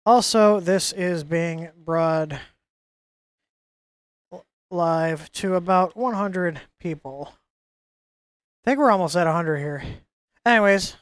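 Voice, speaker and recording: A woman's voice: fairly low pitch, takes it slowly, long pauses, no room sound, clean studio sound. A woman hosting a live stream, chatting casually and ranting in exasperation, often stumbling and repeating words.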